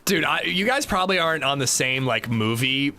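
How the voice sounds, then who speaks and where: Lively, bright-voiced man streaming a game. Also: medium pitch, a little fast, slight background noise. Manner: rambling and chatty, swears casually, full of "like". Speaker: livestreamer. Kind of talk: casual gameplay commentary.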